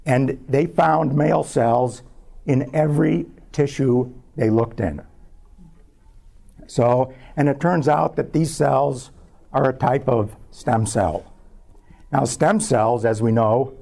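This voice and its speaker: A man, a scientist, giving a public talk as a measured personal story about his research. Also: medium pitch, creaky, mellow. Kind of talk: lecture told as a personal story.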